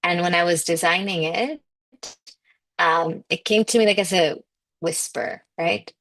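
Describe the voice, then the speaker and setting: A woman's voice: on the low side, unhurried, a bit bright. A woman coaching listeners through a motivational spiritual talk, emphatic and conversational, often saying "like". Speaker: manifestation coach.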